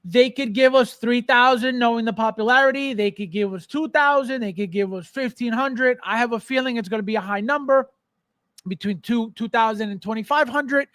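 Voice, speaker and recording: A man's voice: extremely high pitch, a little fast, fairly bright tone, no echo. A man hosting a casual collectibles livestream, joking and teasing viewers by name. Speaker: podcast host.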